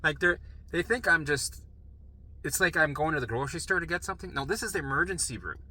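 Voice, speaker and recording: A man telling a personal story in a profane, animated, frantic way. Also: fairly high pitch, quick pace, rough recording.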